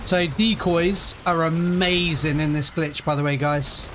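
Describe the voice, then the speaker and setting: A man's voice: a little high, steady tone, measured pace, fairly bright tone, slight background noise. A young British man streaming a video game live, chatting casually and answering viewers while he plays. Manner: chatty, reads and answers chat while playing. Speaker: gaming livestreamer.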